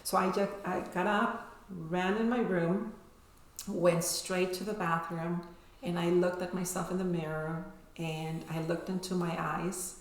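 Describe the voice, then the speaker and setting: A woman's voice: on the low side, fairly even intonation, a little slow. A woman telling her personal story as an interview guest, emotional and often ending sentences with "right?". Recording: echoey room.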